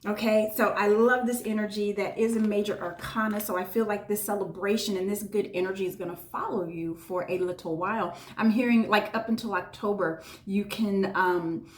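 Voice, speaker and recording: A tarot reader gives a reading to her viewers, effusive and emotional, often checking in with "right?" Her medium-pitched voice is fairly even with a moderate pace and few pauses. The room is echoey, with slight background noise.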